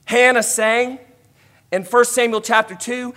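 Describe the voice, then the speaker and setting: A man preaching a sermon, rising to emphatic, loud declarations and dropping to quiet asides. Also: sits high, lively intonation, normal speed.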